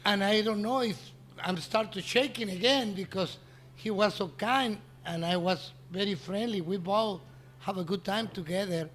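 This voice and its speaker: A man's voice: high voice, a bit bright, slight background noise. Man telling a story in English. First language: Spanish. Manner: halting, non-native English with frequent restarts, acts out the dialogue he quotes. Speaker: restaurant owner, interview guest. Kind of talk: anecdotal storytelling in an interview.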